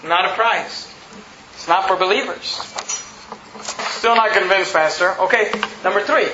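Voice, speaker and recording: A man's voice: high-pitched, measured pace, noisy background. A pastor preaching a sermon emphatically, mocking his listeners with put-on quotes. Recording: roomy, slightly dull recording.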